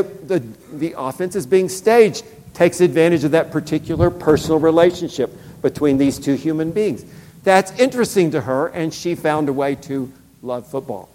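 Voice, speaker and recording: A man's voice: on the high side, darkish tone. A middle-aged man telling a personal story in a casual, conversational way, with lots of fillers and short acted-out quotes. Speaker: speaker. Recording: long hall reverb.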